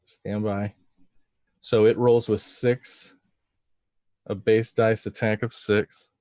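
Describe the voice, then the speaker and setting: A man narrating as game master of a tabletop game, casual and halting, with fillers and frequent pauses for dice rolls. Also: lowish voice, little pitch movement, darkish tone, dry recording.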